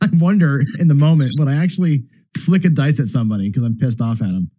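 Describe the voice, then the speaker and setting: A man's voice: medium pitch, fast talker, a little hiss or hum. A man chatting casually as a stream co-host, chuckling and wondering aloud. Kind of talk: casual chat. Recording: lo-fi stream audio.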